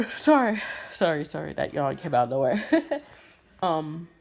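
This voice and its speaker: A woman's voice: sits low, big pitch swings, a little slow, vocal fry, a little mellow. A young woman from Brooklyn, telling a rambling casual story full of slang, repetitions and little laughs. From Brooklyn, New York. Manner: rambling, repeats herself, frequent laughs and slang. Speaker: voice impression creator.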